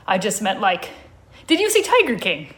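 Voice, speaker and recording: An anxious talking tiger who stammers out hurried denials and goes off on nervous tangents, as a woman puts him on during a live comic reading. His pitch sits mid-range for a woman's. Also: wildly swooping pitch, a bit bright, slight background noise. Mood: flustered. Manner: flustered, rambling, quick denials. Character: anxious, defensive male tiger, imaginary friend.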